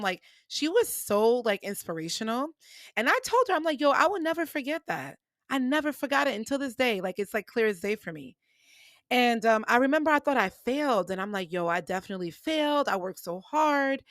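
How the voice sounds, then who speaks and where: A woman's voice: on the low side, no room sound. Podcast host woman telling stories. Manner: animated, acts out quoted dialogue. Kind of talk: personal storytelling monologue.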